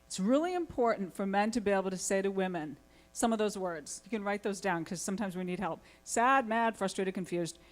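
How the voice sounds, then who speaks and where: A woman family therapist, giving a lively conference talk and asking her audience many questions. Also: medium pitch, fairly quick, hardly any pauses. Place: conference hall.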